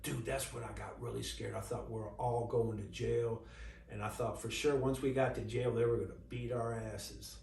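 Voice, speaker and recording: A man's voice: mid-range voice, fairly even intonation, normal speed, creaky, a little mellow, slight background noise. A middle-aged man, telling a long personal story in a casual, rambling way, quoting conversations and leaning on fillers. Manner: rambling retelling full of quoted dialogue and fillers. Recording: roomy and distant with faint ambience.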